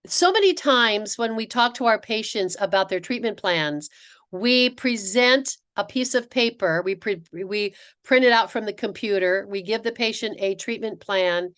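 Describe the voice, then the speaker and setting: A middle-aged woman giving a webinar presentation to dentists. She tells stories in an animated way, acting out quotes and often restarting her sentences. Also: medium pitch, unhurried. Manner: animated storytelling with acted-out quotes, frequent restarts. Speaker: dental practice consultant.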